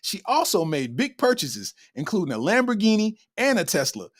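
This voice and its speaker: Animated, exclaiming comedian man. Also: sits high, moderate pace. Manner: loud, exclaiming, laughing, repeating punchlines. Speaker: podcast host. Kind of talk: comedic commentary.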